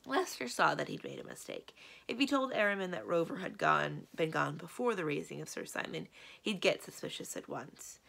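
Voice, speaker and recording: A woman librarian reading a children's book aloud in an expressive storytelling voice. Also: low voice, moderate pace, gravelly. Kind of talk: children's read-aloud narration.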